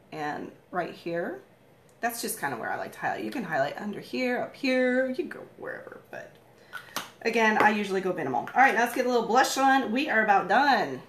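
A woman in her thirties doing a casual live makeup tutorial at home, chatty and rambling, with a morning voice and frequent throat-clearing. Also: medium pitch, echoey room, slight background noise. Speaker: makeup vlogger, live stream host.

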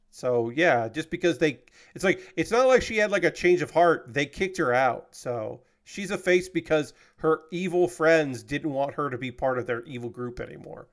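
A man's voice: a little high, animated, moderate pace, few pauses. A young man streaming as he builds a model kit, chatting casually and rambling with frequent fillers and casual swearing. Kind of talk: casual chat.

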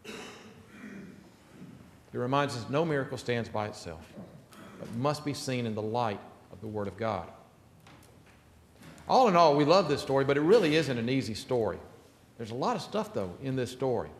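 A man's voice: medium pitch, very animated, moderate pace, pauses often, echoey room, big-room sound, slight background noise. A man pastor preaching an earnest, emphatic sermon in a church sanctuary.

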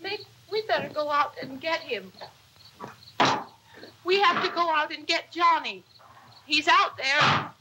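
A woman playing a dazed, frightened young woman who speaks in halting, broken phrases. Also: high voice, heavy background noise. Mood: pleading. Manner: halting, faltering speech. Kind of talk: dramatic reading.

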